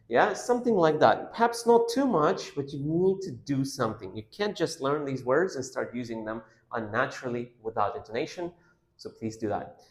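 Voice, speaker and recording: A man's voice: mid-range voice, big pitch swings, normal speed, roomy sound. A man teaching vocabulary, sounding out words syllable by syllable and stressing them. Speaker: English teacher. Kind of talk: vocabulary lesson.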